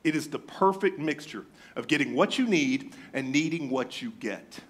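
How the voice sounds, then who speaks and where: A man preaches in an animated, joking way. His voice sits a bit high and swings widely in pitch as he teases his listeners and plays out what they might say. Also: moderate pace, breathy edge. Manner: animated, joking, mimics his congregation in raised voice. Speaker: pastor. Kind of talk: sermon.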